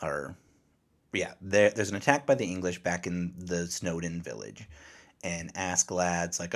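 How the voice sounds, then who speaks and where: A man with a very low, deep voice chats casually as a podcast co-host. He retells scenes by slipping in short voiced quotes from the characters, loose and conversational. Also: normal speed, fairly bright tone. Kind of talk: casual chat recapping an anime.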